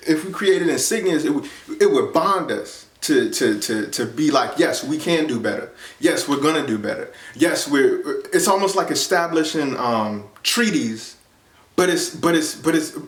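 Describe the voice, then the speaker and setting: Casual male vlogger, earnest and rambling, mid pitch, roomy echo. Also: far from the mic. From United States. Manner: rambling, earnest, many fillers and restarts; grows animated and higher when excited. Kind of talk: casual monologue. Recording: echoey room, off-mic.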